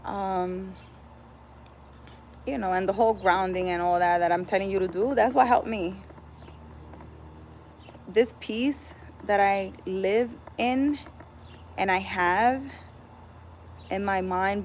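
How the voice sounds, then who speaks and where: A woman's voice: mid-range voice, a little mellow, a little hiss or hum. A woman chatting casually on a livestream as a spiritual healer, laughing often and slipping in Spanish exclamations.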